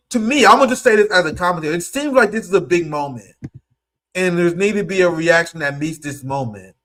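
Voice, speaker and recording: A man's voice: sits high, fairly bright tone. A man from the American Midwest giving emotional, exasperated live political commentary on his stream, swearing casually and near tears.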